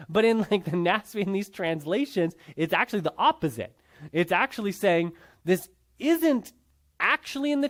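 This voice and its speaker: A man teaching a Bible class in a conversational lecture style, often checking in with his students. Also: sits high.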